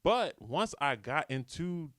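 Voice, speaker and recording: A man's voice: on the high side, sing-song, slow, a bit bright, no echo, studio quality. A young man hosting a casual motivational podcast alone, talking in a laid-back, slangy way into a microphone. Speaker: podcast host. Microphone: studio microphone.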